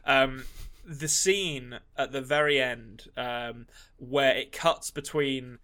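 A man co-hosting a casual podcast with a bright, forceful voice. He sounds wry and animated and piles on complaints. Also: mid-range voice, slow. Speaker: podcast co-host. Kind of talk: casual chat.

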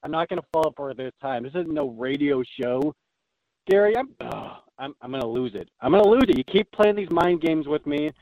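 A man's voice: on the high side, moderate pace, dry recording, phone-quality sound, close to an everyday voice. A man playing a hotheaded young caller who rants at his stepdad in frantic, whiny bursts on a call-in comedy bit. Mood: flustered. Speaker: prank caller.

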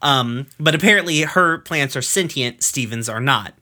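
Bright-voiced man recapping casually. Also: mid-range voice, expressive. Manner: loose and profane, many fillers, quick asides. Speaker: podcast co-host recapping a cartoon episode. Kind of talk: casual chat, episode recap.

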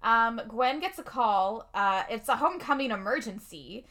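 A woman's voice: fairly high pitch, lively intonation, a bit bright. A young woman in casual chat, co-hosting and recapping a film plot, laughing often and using lots of fillers. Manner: laughs often, quick reactions, many fillers. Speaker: podcast co-host recapping a film.

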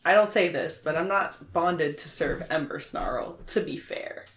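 Woman player, lower voice, casual and giggly, roomy echo with faint hiss. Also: unhurried. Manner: lively, laughs often, swears casually. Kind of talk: casual tabletop game chat. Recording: echoey room, faint noise.

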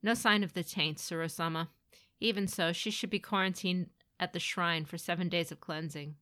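A woman voicing a grim male shrine priest giving a measured, official verdict. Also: fairly low pitch, fairly even intonation, a bit bright, lightly acted. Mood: stern.

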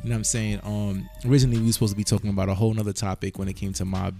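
Low gravelly guy rambling fast on a podcast, keeps saying you know what im saying. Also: level tone, warm tone, faint music behind. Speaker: podcast co-host. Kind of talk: casual banter.

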